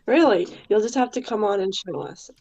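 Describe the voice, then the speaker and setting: A woman's voice: mid-range voice, a little fast, darkish tone, dull audio. A woman co-hosting a casual live-stream chat who laughs often between her lines. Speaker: co-host.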